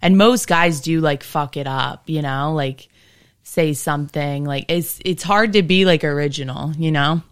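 A woman hosting a podcast and chatting casually with a guest, relaxed and full of "like" and "you know". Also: low voice, a little slow, smooth, dry recording, clean studio sound. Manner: laid-back, filler-heavy, often asks "you know?". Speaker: podcast host and comedian.

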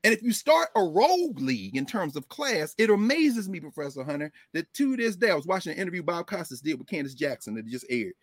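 A middle-aged man, a professor, giving animated, emphatic conversational commentary, digressing often and breaking into laughter. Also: fairly high pitch, fast talker, few pauses, dry recording, clean studio sound.

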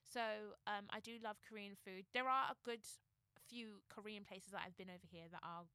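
A woman with a London accent co-hosting a casual podcast chat, animated and emphatic, often laughing. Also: medium pitch, moderate pace, clean tone, no room sound. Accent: London English. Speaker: podcast co-host.

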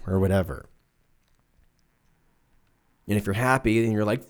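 A man in his twenties rambles alone on his podcast from a room at home with open windows, swearing freely and dropping into silly, exaggerated voices. His voice has a fairly low pitch and a darkish tone, at normal speed.

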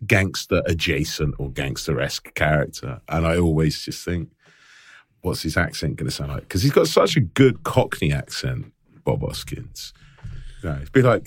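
A man's voice: low voice, husky, no room sound, clean studio sound. A man co-hosting a film podcast, chatting casually in a rambling way and laughing often. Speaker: podcast co-host.

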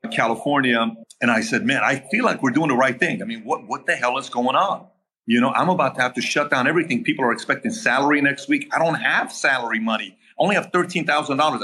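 A man telling his own story in a podcast interview, animated, acting out the quoted dialogue. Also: mid-range voice, breathy edge. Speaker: podcast guest. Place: home area in Southern California.

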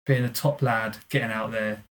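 A man's voice: on the low side, steady tone, normal speed, a bit bright. A man co-hosting a casual podcast, joking and teasing his co-host. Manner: jokey, teasing banter.

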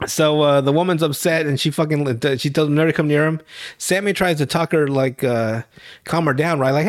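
A man's voice: on the high side, fairly quick, dry recording, studio quality. A man casually retelling a TV episode, acting out the characters' lines, laughing often and swearing a lot. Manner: laughing storyteller, acts out lines, heavy swearing. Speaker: podcast host recapping an episode. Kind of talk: casual profane recap chat.

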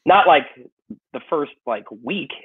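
Speaking slowly and expressively, a man with a Chicago accent chats on a podcast about moving cities as a comedian, swearing and leaning on "you know" while he rambles. His pitch is on the high side with a breathy edge, and the sound is tinny, as if through a phone.

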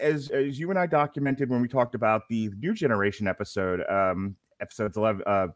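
A man with a Brooklyn accent co-hosting a podcast, telling stories in an animated, chatty way with quick asides. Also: mid-range voice, no echo, studio quality. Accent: Brooklyn, New York. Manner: animated storytelling, quick asides, frequent laughter. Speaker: podcast co-host. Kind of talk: casual chat.

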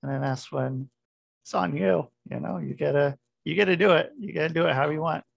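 A man's voice: a little high, a little fast, creaky, slightly rough, no room sound, lo-fi sound. A man hosting a podcast, chatting in an easygoing, laid-back way and often repeating himself. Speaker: podcast host. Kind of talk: casual podcast chat.

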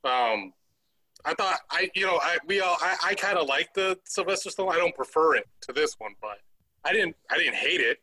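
Bright-voiced, emphatic man. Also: fairly high pitch, animated, normal speed, rough recording. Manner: emphatic, repeats his points. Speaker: podcast co-host reviewing a movie. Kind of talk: casual chat.

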